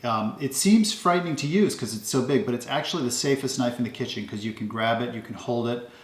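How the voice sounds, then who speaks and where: A man casually showing off his kitchen knives at home, talking in a relaxed, rambling way with lots of ums. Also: medium pitch, quick pace, roomy sound. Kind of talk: casual show-and-tell.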